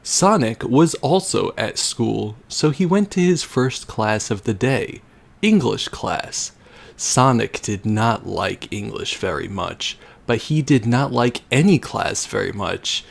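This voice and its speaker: A man's voice: mid-range voice, vocal fry. A young man on a livestream reading a fan story aloud for comedy, often breaking into laughter and wry asides. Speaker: livestreamer reading for a charity stream.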